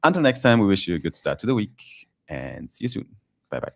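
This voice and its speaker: A man hosting a live stream and podcast, relaxed and chatty, often laughing and using fillers. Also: on the low side, fairly quick, vocal fry, no room sound, clean studio sound. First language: German. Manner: laid-back, laughing, fillers. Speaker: podcast host. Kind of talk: casual live-stream chat.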